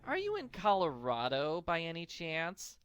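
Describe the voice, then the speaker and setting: A smug teenage girl who teases in a sing-song voice, played by a man. The voice is bright and raised, with a lively pitch. It sounds like a comic storybook reading. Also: measured pace, soft background music, exaggerated voice.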